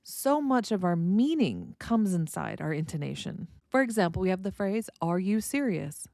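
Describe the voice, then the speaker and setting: A woman's voice: mid-range voice, sing-song, moderate pace, gravelly, warm tone, no echo, clean studio sound. An American woman hosting a solo podcast lesson, explaining points and illustrating them with spoken examples. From United States. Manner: explanatory, demonstrates with vocal examples. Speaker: podcast host and language teacher.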